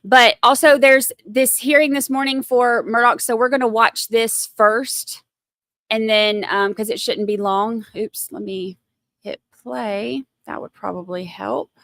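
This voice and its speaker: A woman's voice: fairly high pitch, steady tone, measured pace, fairly bright tone, dry recording, studio quality. A woman hosting a casual livestream, rambling and giggling at herself between topics. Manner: giggly, rambling, self-mocking. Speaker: livestream host.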